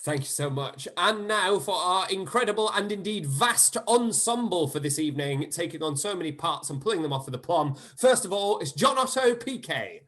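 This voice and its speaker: A man's voice: high-pitched, animated, a bit bright. A man hosts a casual live stream over a video call. His voice rises and falls a lot as he introduces people, and he keeps the tone playful and upbeat. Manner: upbeat, playful, quick to laugh. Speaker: host and director.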